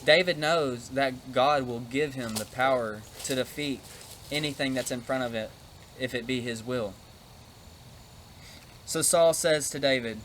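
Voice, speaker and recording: A man of middle pitch talks through a Bible story as if chatting with a youth group. His delivery is loose and unscripted, scattered with fillers. Faint noise sits under the voice. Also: measured pace, pauses often, a bit bright. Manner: conversational, with frequent fillers; demonstrates a prop while talking. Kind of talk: casual retelling of a Bible story.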